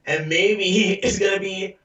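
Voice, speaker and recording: A man with a fairly high voice rambles through a casual podcast chat, full of fillers and laughter. He is joining over a video call, so his voice comes through distant, roomy and muffled. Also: fairly even intonation, slow, pushed and bright. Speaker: podcast co-host.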